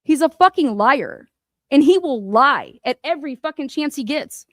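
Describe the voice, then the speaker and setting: A woman's voice: high voice, expressive, normal speed, fairly bright tone, no room sound, studio quality. A woman giving angry, profane commentary on a court case, firing rhetorical questions straight at the people she talks about. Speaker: commentary host.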